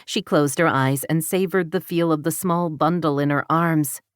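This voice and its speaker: Low-voiced woman narrating an audiobook. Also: normal speed, clean tone, dry recording, clean studio sound. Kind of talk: scripted narration.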